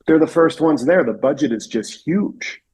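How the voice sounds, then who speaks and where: Gravelly, husky man telling stories. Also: fairly high pitch, expressive, moderate pace, a little mellow. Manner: laid-back, storytelling, acts out clients. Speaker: podcast guest, plaster contractor. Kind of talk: casual conversation.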